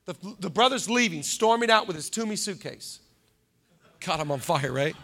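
A man preaching a lively sermon as pastor, joking with the crowd, acting out the people in his story and building to shouted climaxes. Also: sits high, moderate pace. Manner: animated, joking, acts out quoted characters, builds to shouted climaxes. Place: church hall, live congregation.

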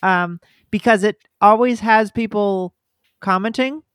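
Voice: mid-range voice, unhurried, a bit bright, smooth, no room sound. A podcast co-host in casual chat, mostly asking short questions and dropping dry one-word replies.

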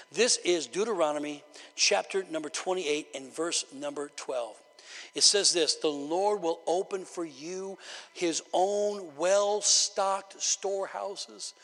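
High-voiced preacher in a reverberant church. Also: male voice, quick pace, sharp tone. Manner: emphatic, repeats for emphasis, stammers on restarts. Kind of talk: sermon. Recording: long hall reverb.

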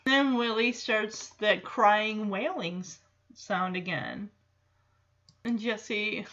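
Slow, chatty woman reacting to a film. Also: mid-range voice, fairly bright tone, muffled recording. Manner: chatty, many fillers and asides. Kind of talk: casual film reaction commentary.

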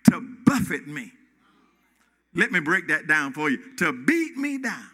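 A man preaching a call-and-response sermon, emphatic and rhythmic, repeating phrases and swinging from shouts to near-whispers. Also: fairly high pitch, sing-song, a little slow.

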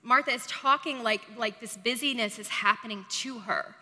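A woman delivers a sermon in a relaxed, chatty way, often leaning on "like" and poking fun at herself. Her voice sits a little high and sounds bright and forceful. The sound carries a long reverb, as in a large church hall. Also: normal speed. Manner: chatty and self-deprecating, heavy use of "like". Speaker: preacher. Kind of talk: conversational sermon. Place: church service.

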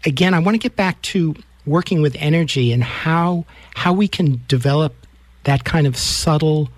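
A man's voice: fairly high pitch, no echo. A man hosting a radio interview, asking thoughtful, reflective questions. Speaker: radio show host, interviewer. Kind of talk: interview conversation.

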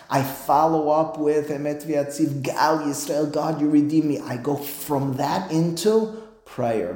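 Animated rabbi teaching Talmud, roomy echo. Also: male voice, mid-range voice. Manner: animated, plays both sides of a dialogue, peppered with Hebrew terms. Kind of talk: Talmud class lecture.

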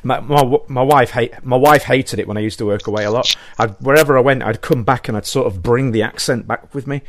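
A man's voice: medium pitch, fairly quick, dry recording. Man, podcast host, upbeat, encouraging, dry close mic. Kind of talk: casual podcast interview.

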